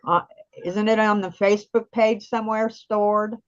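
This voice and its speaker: A woman's voice: medium pitch, steady tone, moderate pace. A middle-aged woman on a video call, telling her own patient story in an earnest, plain-spoken way with some fillers. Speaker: guest sharing patient story. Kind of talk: conversational storytelling. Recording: dull lo-fi call audio.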